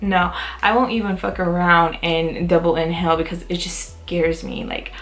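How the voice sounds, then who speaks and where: A young adult woman vlogger telling a casual storytime, talking in quick bursts full of "like" and acting out what people said. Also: on the low side. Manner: animated, full of "like" fillers, acts out quotes. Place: Utah, United States.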